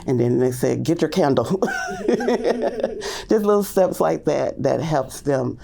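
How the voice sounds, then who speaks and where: A woman early childhood teacher telling classroom stories in a casual podcast interview, loosely and with many fillers, acting out the little exchanges in hushed or lifted voices. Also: huge pitch swings, slow, gravelly, crowd noise. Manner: acts out classroom talk in hushed and high voices.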